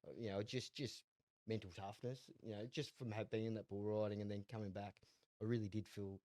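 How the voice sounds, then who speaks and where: A young Australian man with a lowish voice, talking in a loose, rambling way and stumbling over repeated words. He laughs easily while spinning stories, and the sound is dry and close with no room around it. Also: little pitch movement, brisk, dark tone, no echo. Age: 20s. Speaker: guest, jockey and horse trainer. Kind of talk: casual interview storytelling.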